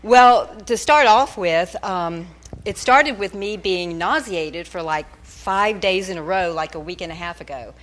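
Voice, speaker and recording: A woman's voice: fairly low pitch, unhurried, a bit bright. A middle-aged woman telling a personal testimony at a church service, laughing often as she speaks into a handheld mic. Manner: chatty, laughing storyteller. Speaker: church member giving a testimony. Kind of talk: nervous church testimony story. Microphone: handheld microphone.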